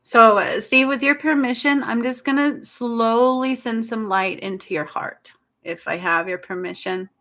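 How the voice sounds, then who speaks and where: Woman in her forties, livestream healer, gentle teary delivery, slightly high bright voice. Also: measured pace. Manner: soft, tender and tearful, with frequent apologies and laughs. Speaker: spiritual healer hosting a livestream. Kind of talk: emotional livestream talk.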